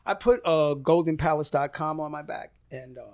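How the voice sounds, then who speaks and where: A middle-aged former boxer with a notably high-pitched voice tells stories. He is animated and profane, and he acts out the voices of people he quotes. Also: moderate pace. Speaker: retired boxer, guest. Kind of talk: casual storytelling. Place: room above a shop.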